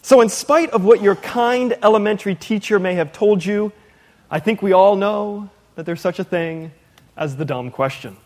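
A man's voice: sits high, normal speed, a little mellow, in a large hall. A man in his thirties preaching a sermon in a conversational, playful way, sometimes mimicking others. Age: 30s. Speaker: preacher and teacher.

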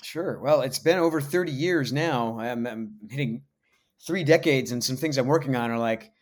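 Guesting in a casual interview, a voice actor from the United States in his forties shares stories with a relaxed, hesitant manner, often poking fun at himself. He has a mid-range voice.

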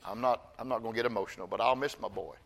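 An older man, a grandfather, preaching a sermon as pastor, swinging from loud exhortation to soft, slow storytelling. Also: fairly low pitch, vocal fry.

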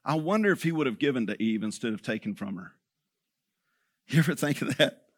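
A man's voice: mid-range voice, lively intonation, a little fast, no echo, clean studio sound. A man preaching a sermon as pastor, talking conversationally and checking in with the congregation.

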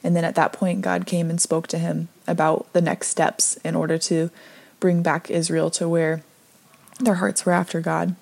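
Woman, slightly low voice, earnest devotional talk, gently encouraging, conversational. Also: flat delivery, normal speed, creaky. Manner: earnest, gently encouraging, reads scripture aloud. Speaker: devotional speaker.

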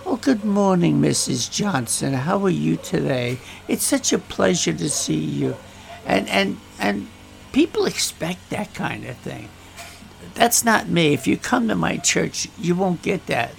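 A man's voice: a little high, creaky, a bit bright. A male pastor talking frankly about his church, bluntly, acting out the voices of people he quotes. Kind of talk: casual talk about church life. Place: church in the Philippines.

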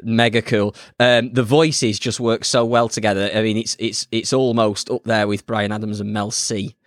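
Chatty podcast host, dry close mic. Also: male voice, lowish voice, little pitch movement, normal speed, no room sound. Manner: chatty, storytelling, playful. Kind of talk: casual chat.

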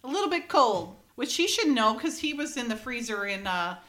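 A woman's voice: on the high side, sing-song, moderate pace, a bit bright. A woman co-hosting a casual podcast, recapping an episode, reading script lines aloud and laughing often. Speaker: podcast co-host.

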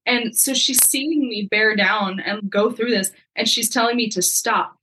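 Bright-voiced young woman telling a story. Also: a little high, unhurried, rough recording. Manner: lively, acts out quoted dialogue. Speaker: podcast guest. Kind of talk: casual storytelling.

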